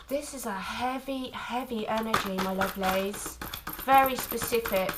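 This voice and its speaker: A woman giving an intuitive tarot reading to camera, speaking tenderly and haltingly, with frequent restarts. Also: fairly high pitch, very noisy. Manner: tender, calls listener "my lovely"; halting, many restarts and fillers. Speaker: tarot reader.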